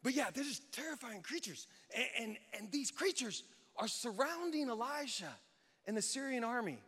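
A man preaching a sermon in a lively, conversational way, acting out quotes and joking with the church. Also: extremely high pitch, normal speed, breathy edge. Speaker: pastor. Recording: reverberant hall.

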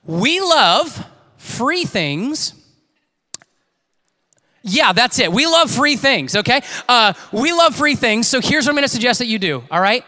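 Bright-voiced young man preaching in a hall. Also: fairly quick, hardly any pauses. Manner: animated, acts out quotes with big pitch jumps. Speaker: youth pastor. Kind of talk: sermon storytelling. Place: church sanctuary. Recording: long reverb of a large church hall.

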